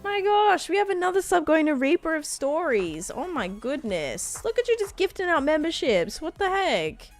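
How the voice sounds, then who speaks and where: A woman live streaming a game, excitedly thanking viewers and rambling through stories with lots of fillers. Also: sits high, normal speed, few pauses, soft background music. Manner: rambling storytelling with many fillers. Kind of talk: casual live-stream chat while gaming.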